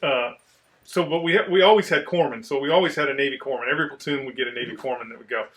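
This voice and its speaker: A man telling war stories in a casual, profane chat, animated as he acts out the people in them. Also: mid-range voice, racing. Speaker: podcast host, Marine veteran.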